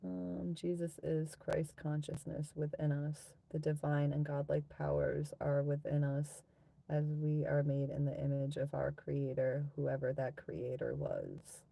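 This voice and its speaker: Casual, crude New woman streamer in her thirties; low, dark, slow, with fry in the voice. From New Zealand. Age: 30s. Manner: crude, giggly, teasing banter with frequent laughter. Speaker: livestream host. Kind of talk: casual live chat with viewers.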